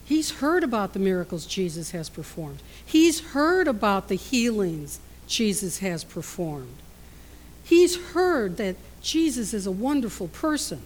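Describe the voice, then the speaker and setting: A woman preaching a sermon in a storytelling way, swinging between loud emphasis and hushed, quiet passages. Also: mid-range voice, very animated, a little slow.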